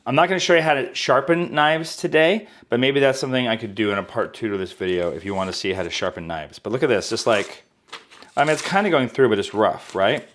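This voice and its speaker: A man's voice: medium pitch, fairly bright tone, a little hiss or hum. A young adult man hosting a casual cooking demonstration in a home kitchen, chatty and self-deprecating as he explains knife skills. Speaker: cooking channel host.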